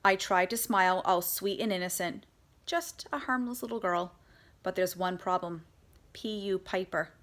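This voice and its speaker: A woman's voice: fairly low pitch, moderate pace, fairly bright tone. A woman narrating a children's chapter book in the first person of a young girl, doing character voices for the dialogue. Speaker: audiobook reader.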